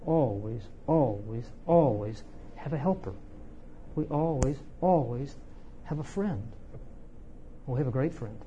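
Preacher mid-sermon: warm, relaxed tone, emphatic delivery that swoops high and drops low. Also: slight background noise. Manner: emphatic, with wide swings in pitch and loudness; repeats words for emphasis. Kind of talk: expository sermon.

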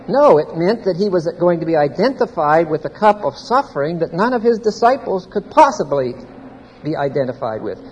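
A man's voice: high voice, husky. A man giving an expository Bible teaching to a live audience in a large hall, explaining grammar point by point and quizzing his listeners. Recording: reverberant hall, faint background noise.

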